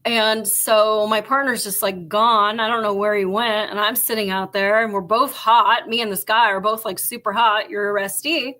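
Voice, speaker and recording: A woman, a former police officer, hosting a casual live show and telling a blunt, animated story full of "like.". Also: medium pitch, normal speed, few pauses.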